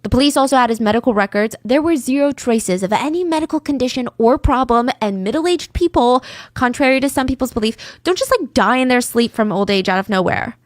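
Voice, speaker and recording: A woman's voice: a little high, fairly quick, dry recording, studio quality. A woman hosting a podcast, telling a true-crime story in a casual, chatty way and dropping into whispers for suspense. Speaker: podcast host.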